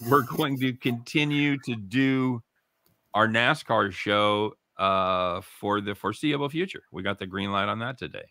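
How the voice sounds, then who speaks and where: Profane excitable male sports radio host. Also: fairly low pitch, a little slow, dry recording. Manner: profane, excitable, laughs loudly. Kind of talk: casual sports talk banter.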